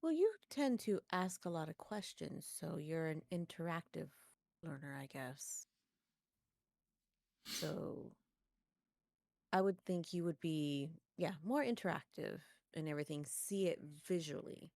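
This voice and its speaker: Woman player, low voice, slow and rambly, talks about her character like it's someone else. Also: animated, creaky, darkish tone, dry recording, clean studio sound. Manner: rambling, speaks of her character in third person. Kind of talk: casual tabletop role-play.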